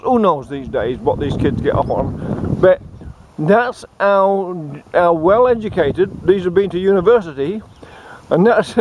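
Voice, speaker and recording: A man with an Australian accent delivering a satirical monologue, giving deadpan, sarcastic mock advice outdoors. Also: sits high.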